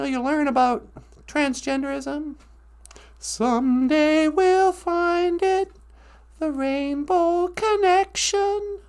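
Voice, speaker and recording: A man playing a gravelly, high-voiced rambling woman. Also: exaggerated voice. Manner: rambling, giggly, crude jokes. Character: rambling middle-aged woman livestreamer, crude and silly. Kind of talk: comedic livestream sketch.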